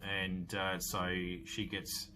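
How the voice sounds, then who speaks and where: A man's voice: low-pitched, flat delivery, slow pace, pushed and bright, slight background noise. A man, hosting a podcast and casually recapping a horror film in a rambling way, full of fillers and restarts. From Australia. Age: 40s. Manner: rambling, filler-heavy storytelling with many restarts. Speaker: podcast host.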